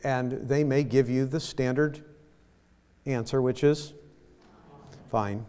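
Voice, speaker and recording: A man preaching a sermon as pastor, speaking slowly and haltingly, often repeating his words. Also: mid-range voice, little pitch movement, mellow, clear, resonant tone, in a large hall. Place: church sanctuary.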